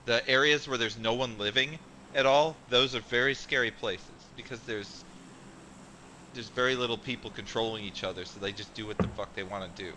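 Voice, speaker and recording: A man's voice: medium pitch, fairly even intonation, a little fast, sharp tone, slight background noise, rough recording. A man in casual gaming chat, talking in a dry, matter-of-fact way. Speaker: streamer guest.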